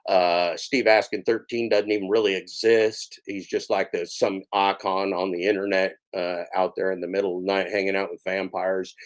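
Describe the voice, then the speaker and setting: Host, man in his forties: low gravelly voice, sardonic repetitive ramble. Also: fairly even intonation, normal speed. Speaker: channel host. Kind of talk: rambling comedic monologue.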